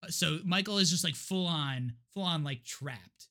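Man, podcast co-host, rambling plot retelling, frequent restarts, bright tone. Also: fairly high pitch, moderate pace. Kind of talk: casual movie recap chat.

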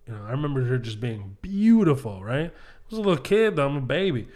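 A man's voice: mid-range voice, a little fast. A man, a comedian guest, telling a story in casual chat and acting out the voices in it. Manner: animated storyteller, acts out voices, laughs often.

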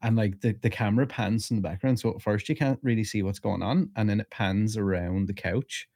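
Low-voiced laid-back podcast man. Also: steady tone, a little fast, mellow. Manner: laid-back storytelling with fillers. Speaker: podcast co-host. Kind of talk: casual chat.

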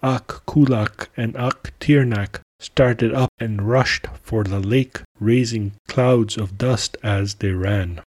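A man narrating a folktale for a podcast with measured, deliberate storytelling. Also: lowish voice, darkish tone, slightly rough.

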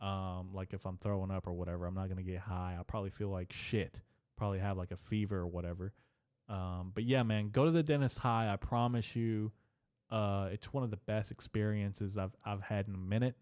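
A young man with a fairly low voice, rambling through a story in loose, profane, laid-back talk. The sound is dry and close, with no room echo, like a solo podcast. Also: fairly even intonation, brisk, darkish tone, clean tone. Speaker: podcast host. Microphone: camera mic.

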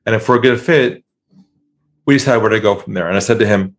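A man's voice: on the low side, quick pace, long pauses. Man telling sales stories with acted-out calls. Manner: animated, acts out calls in excited voices. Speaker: sales trainer guest. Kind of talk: storytelling interview.

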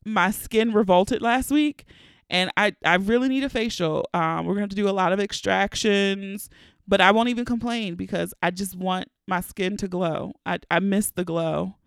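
A woman in her thirties hosting a solo podcast, telling candid, profane, expressive comedic stories. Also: medium pitch, moderate pace, creaky, smooth, no room sound, studio quality. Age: 30s. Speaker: podcast host. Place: home recording during lockdown.

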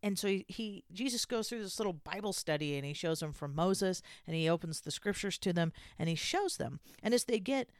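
A woman giving a casual scripture lesson in a conversational, halting way with many restarts. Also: fairly low pitch, expressive, no echo, clean studio sound. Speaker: scripture teacher.

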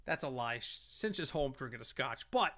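A middle-aged man co-hosting a casual podcast, an animated storyteller who swears freely. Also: mid-range voice, normal speed. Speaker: podcast co-host.

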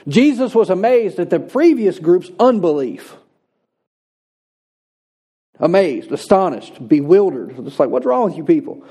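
A male pastor preaching a sermon with a mellow, warm tone and a voice pitched a little high. He is earnest and slows down to press his points.

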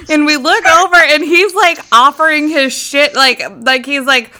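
A woman's voice: high-pitched, measured pace, few pauses, bright, forceful tone. A young woman co-hosting a podcast, telling stories with lots of laughter and swearing. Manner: laughing storyteller, swears freely. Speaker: podcast co-host. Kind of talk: casual chat.

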